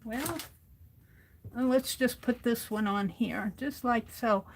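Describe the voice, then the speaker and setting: Woman, crafting streamer, slow unhurried talk, fairly high voice, muttering to herself at her desk. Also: slight background noise. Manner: talks to herself while working, thinking aloud. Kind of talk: casual crafting commentary.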